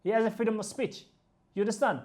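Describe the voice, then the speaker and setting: A woman ranting through a reaction video, emphatic and indignant, repeating her points forcefully. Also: mid-range voice, fairly even intonation, fast.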